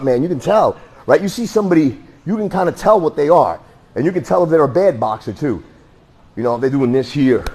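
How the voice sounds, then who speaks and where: A man teaching a self-defense class in a blunt, joking, animated way. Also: on the high side, breathy edge. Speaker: martial arts instructor.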